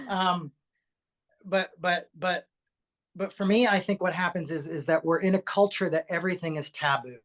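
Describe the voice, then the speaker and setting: A co-host in casual podcast chat, animated and chatty, laughing easily. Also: mid-range voice, measured pace, long pauses.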